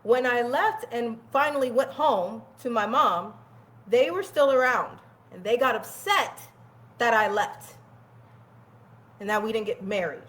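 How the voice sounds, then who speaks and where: A woman with a slightly high voice tells a personal story in casual talk. She is candid and animated, swears freely and breaks into laughter often. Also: unhurried. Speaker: guest telling her life story.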